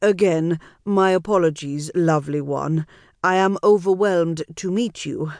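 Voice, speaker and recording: A woman's voice: lowish voice, a little slow, no echo, studio quality. A woman doing a lisping, flustered male vampire. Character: panicked young male vampire with a lisp.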